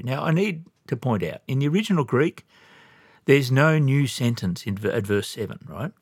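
Male pastor, sermon, emphatic, asks the congregation questions, very lively pitch, dry sound. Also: no room sound.

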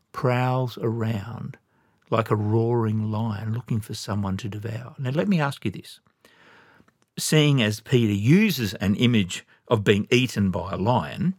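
A man's voice: medium pitch, dry recording, clean studio sound. A male pastor preaching a sermon, emphatic and addressing the congregation with questions.

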